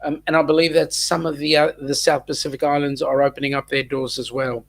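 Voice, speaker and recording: A man's voice: fairly high pitch, level tone, a little fast, creaky. An Australian man hosting a casual live chat, greeting viewers and reading comments with lots of ums and restarts. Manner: rambling, many ums and restarts. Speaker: livestream host.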